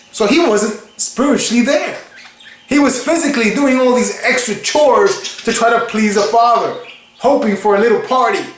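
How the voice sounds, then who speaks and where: A man's voice: sits high, a bit bright, echoey room. A man preaching in a casual, conversational way, emphatic and acting out quotes. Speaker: online preacher.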